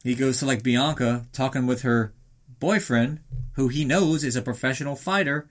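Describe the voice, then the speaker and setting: A man's voice: mid-range voice, normal speed. A man casually recapping a film in a rambling, sarcastic way, swearing often.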